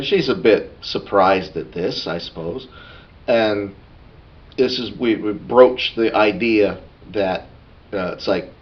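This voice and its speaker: A man with a fairly low voice talks through a tabletop game session, rambling and breaking into asides as he goes. The sound is dull and lo-fi, like an older home podcast recording. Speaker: podcast co-host. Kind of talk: casual recap of a tabletop game.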